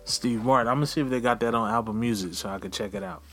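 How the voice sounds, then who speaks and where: A man's voice: medium pitch, racing, fairly bright tone, faint music behind. A man hosting a casual podcast interview, laid-back, with short affirmations and follow-up questions. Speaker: podcast host.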